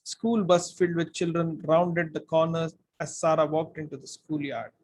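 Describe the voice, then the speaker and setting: A man reading a storybook aloud in an expressive way, now and then speaking to his listeners. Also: a little high, normal speed. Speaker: book reader. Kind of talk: audiobook-style story reading.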